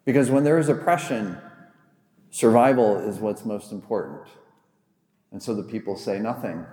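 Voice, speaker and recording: Mellow-voiced pastor in an echoey hall. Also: male voice, lowish voice, moderate pace. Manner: conversational, humorous retelling of a Bible story. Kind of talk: sermon. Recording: echoey hall with long reverb.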